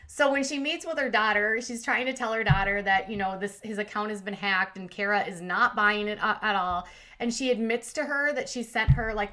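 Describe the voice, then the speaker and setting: Bright, chatty woman recapping reality TV. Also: medium pitch, a little fast. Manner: opinionated, chatty, acts out quotes in voices. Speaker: commentary channel host.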